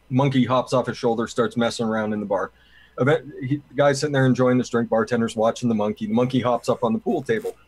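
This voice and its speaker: Husky-voiced man rambling through a joke. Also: medium pitch. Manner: rambling, self-correcting storyteller. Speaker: panel member. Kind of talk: casual joke telling.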